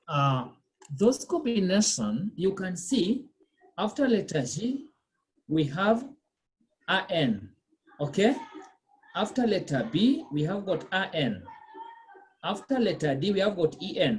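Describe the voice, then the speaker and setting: Slow, patient woman teaching online. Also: fairly low pitch, a little mellow, slight background noise. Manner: patient, repeats and checks understanding. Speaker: French pronunciation teacher. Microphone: video call.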